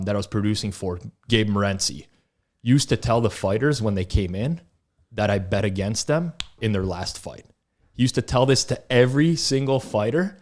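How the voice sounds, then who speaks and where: Laughing, animated male podcast co-host. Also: mid-range voice. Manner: animated storyteller, laughs often, acts out quotes. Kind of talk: casual chat.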